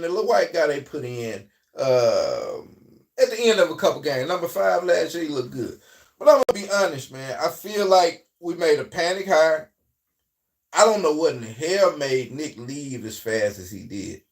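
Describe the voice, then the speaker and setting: A man with a Southern US accent hosting a casual livestream, talking in a loose, rambling way that swings between loud and quiet. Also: a little high, distant mic. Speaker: livestream host.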